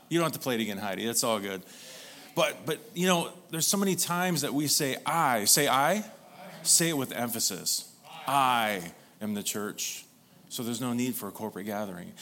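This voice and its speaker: A man's voice: mid-range voice, big pitch swings, a little fast, a bit bright. A male pastor delivering a sermon, drawing the congregation in with repeated call-and-response prompts.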